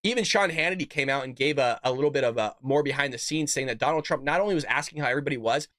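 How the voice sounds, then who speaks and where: A man's voice: medium pitch, very fast, fairly bright tone, dry recording, studio quality. A man hosting a political commentary show, combative and emphatic, talking straight to his viewers and reading out quotes. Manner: reads out quotes and tweets.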